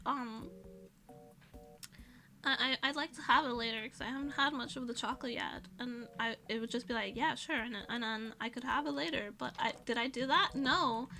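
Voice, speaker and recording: A young woman streams in an easy, rambling way, often laughing at herself. Her voice sits high and sounds bright and crisp, with faint music playing underneath. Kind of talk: casual chat.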